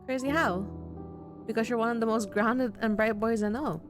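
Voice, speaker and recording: A woman voicing a warm, doting grandmother, soothing but firm, in a visual novel. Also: fairly high pitch, normal speed, music in the background, lightly acted.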